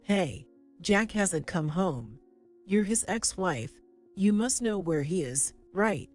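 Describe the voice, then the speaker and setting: A woman's voice: on the low side, big pitch swings, measured pace, faint music behind. A woman voicing a spiteful young wife in an audio story, talking sharply and insultingly. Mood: worried.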